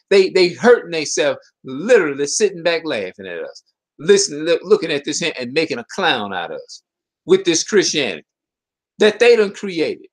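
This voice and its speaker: A man giving an impassioned monologue to his viewers, preaching and hammering the same rhetorical questions while stumbling and restarting mid-sentence. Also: fairly high pitch. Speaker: video commentator.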